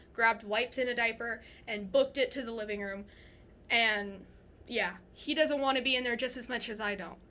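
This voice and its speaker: Bright-voiced young woman, rambling vlog story. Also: fairly high pitch. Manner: rambling, with many restarts and "like". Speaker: vlogger. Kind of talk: casual storytelling to camera.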